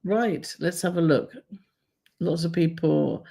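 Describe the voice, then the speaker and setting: A woman's voice: mid-range voice, lively intonation, moderate pace, creaky, darkish tone. A woman co-hosting a travel live stream, chatting casually and reading out viewer comments with frequent laughter. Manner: chatty, laughs often, reads comments aloud.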